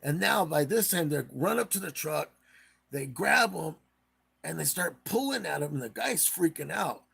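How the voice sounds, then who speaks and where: Gravelly, husky man rambling live. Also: fairly high pitch, lively intonation, normal speed, fairly bright tone. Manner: rambling retelling with acted quotes. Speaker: live-stream host. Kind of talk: casual live commentary.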